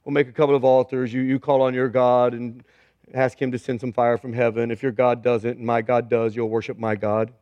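A man's voice: medium pitch, level tone, a little fast, dry recording, muffled recording, voice pushed down, natural voice. Man doing a taunting, condescending male prophet, dry close sound, sermon retelling. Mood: challenging. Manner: taunting, sarcastic.

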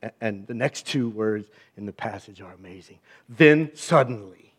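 A man preaching a sermon with wry, sarcastic humor and big swings between loud and hushed delivery. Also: on the low side, steady tone, moderate pace, breathy edge. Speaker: pastor.

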